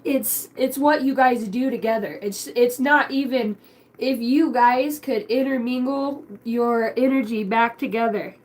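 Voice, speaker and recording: A woman's voice: a little high, unhurried, darkish tone, rough recording. A young woman giving a spiritual card reading, emotional and rambling, swearing casually. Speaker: tarot card reader.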